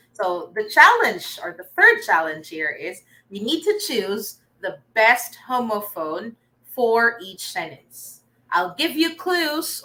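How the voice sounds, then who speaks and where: A woman's voice: on the high side, sharp tone, rough recording. A young Filipino woman teaching an online reading lesson, coaxing and praising her students as she goes. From Philippines.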